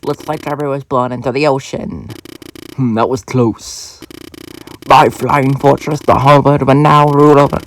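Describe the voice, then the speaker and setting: A cold, commanding masked knight captain, voiced by a man with a clumsy put-on Spanish accent. He reads his lines slowly and softly, a little away from the mic, pitched above a gruff baritone. The scheming villain of a video game, read aloud by a fan. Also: steady tone, a little hiss or hum, natural voice, low-quality recording. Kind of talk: amateur game dialogue read-through.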